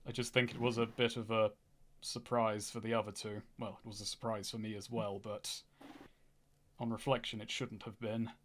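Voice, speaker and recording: A man's voice: fairly low pitch, flat delivery, moderate pace, a little hiss or hum, lightly acted. A man playing an earnest young adventurer in a tabletop game, speaking hesitantly and reflectively.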